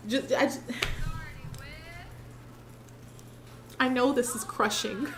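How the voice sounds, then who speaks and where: A woman's voice: high voice, extremely slow. Sassy woman doing pageant reaction commentary. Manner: sassy, playful, laughs often.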